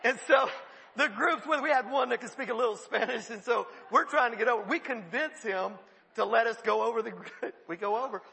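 A man preaching a sermon, telling a funny story in an animated way and often laughing mid-sentence. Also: extremely high pitch, a little fast, vocal fry, big-room sound. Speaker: pastor.

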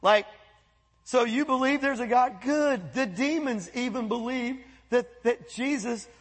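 A man preaching a sermon as pastor, animated, breaking into quoted voices and asides. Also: extremely high pitch, measured pace, slightly rough, in a large hall. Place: church sanctuary.

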